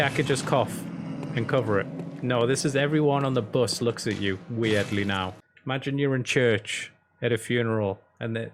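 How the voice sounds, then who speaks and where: A young man chatting casually on a game stream, rambling, joking and swearing. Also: medium pitch. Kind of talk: casual live-stream chat. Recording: steady background noise.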